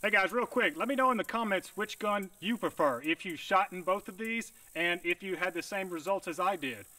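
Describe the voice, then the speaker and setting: A man's voice: sits high, a little fast, sharp tone. A man hosting a casual outdoor shooting vlog, hot and sweaty, talking in a laid-back, joking, plain-spoken way. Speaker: firearms video host.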